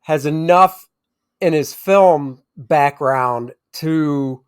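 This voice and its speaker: A man's voice: a little high, drawn-out words, smooth. A man co-hosting a casual movie review chat, rambling and often restarting as he searches for names. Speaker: movie review podcast co-host.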